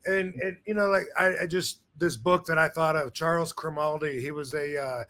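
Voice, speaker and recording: A man's voice: on the high side, fairly even intonation, moderate pace, bright, forceful tone. A man hosting a podcast in casual chat, rambling with many fillers and restarts. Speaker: podcast host.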